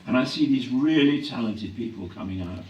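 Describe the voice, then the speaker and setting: An older English man reflecting on his acting career in a live on-stage interview, clearing his throat often as his voice grows hoarse. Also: mid-range voice, expressive, moderate pace, lo-fi sound. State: voice growing hoarse. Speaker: actor being interviewed. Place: hall at a public event. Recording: echoey hall from a distance, faint hum.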